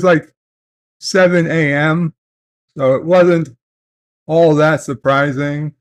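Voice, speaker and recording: A man vlogging from home, telling a family story in a slow, halting way with many fillers and restarts. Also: mid-range voice. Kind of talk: casual storytelling. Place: at home, in bed.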